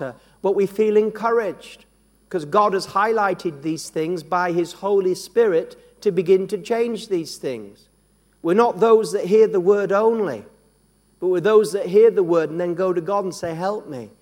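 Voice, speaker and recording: A man's voice: high-pitched, a little mellow. A man preaching a sermon in a church hall, earnest and repetitive, often restarting his phrases. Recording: long hall reverb.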